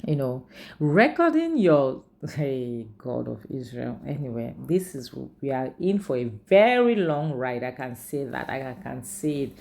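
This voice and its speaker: A woman's voice: rumbling low, animated, measured pace, creaky, darkish tone, slight background noise. A woman casually recapping and reviewing a film, chatty and full of "like" and "you know". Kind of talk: casual movie recap and commentary.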